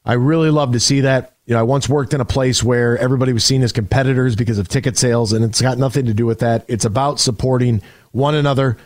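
A man's voice: mid-range voice, steady tone, fast talker, a little mellow, no echo. A man hosting a sports radio show in a casual, emphatic style, often restarting his sentences. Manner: conversational, emphatic, frequent restarts.

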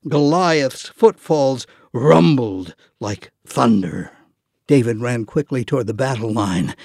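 A man narrates a children's storybook at an unhurried pace. His pitch sits slightly high and moves expressively, recorded dry and close. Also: darkish tone, breathy edge, no echo. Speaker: audiobook narrator. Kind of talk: children's audiobook reading.

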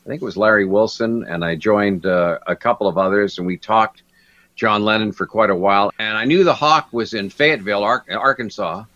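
A little fast and on the low side, an older man from Canada tells career stories as a guest broadcaster in an interview, vividly impersonating those he quotes. The recording is lo-fi and dull.

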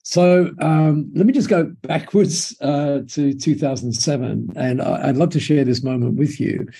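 An Australian man, a business mentor and guest, telling a story in an enthusiastic, expressive way. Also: fairly high pitch, unhurried, gravelly, breathy edge. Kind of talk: conversational storytelling.

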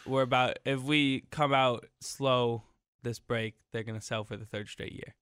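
20s guy producing a sports radio show, smooth clear voice, laid-back, agrees a lot. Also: mid-range voice, fairly even intonation, unhurried, a bit bright, dry recording, clean studio sound. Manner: easygoing, agreeable sidekick. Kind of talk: casual sports talk radio. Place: radio studio. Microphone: studio microphone.

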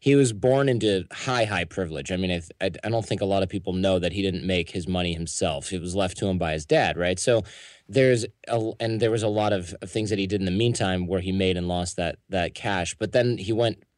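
A man's voice: low-pitched, fairly quick, no room sound, clean studio sound. An American man, a podcast founder, giving candid, opinionated interview answers and acting out quotes. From United States.

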